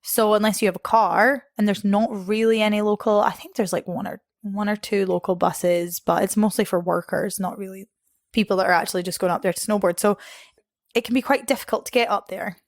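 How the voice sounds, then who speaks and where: A woman's voice: mid-range voice, fairly even intonation, brisk, no room sound, studio quality. A young Scottish woman, a podcast guest, telling travel stories in a chatty way, laughing often and acting out what others said. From Scotland. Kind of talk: casual storytelling interview.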